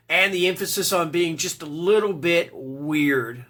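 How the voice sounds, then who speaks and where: A man talks through a book review in a loose, rambling way, leaning on fillers and tag questions like "all right?". His voice sits high for a man and has a bright, forward edge. He now and then stops to clear his throat or cough. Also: measured pace, few pauses. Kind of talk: casual spoken book review.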